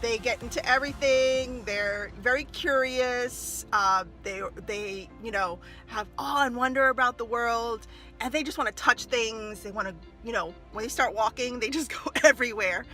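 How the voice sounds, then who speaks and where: A woman talking casually to camera as a mother and former early childhood teacher, animated and laughing often as she acts out little scenes. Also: a little high, normal speed, soft background music. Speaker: mother giving parenting tips. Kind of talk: casual advice vlog to camera.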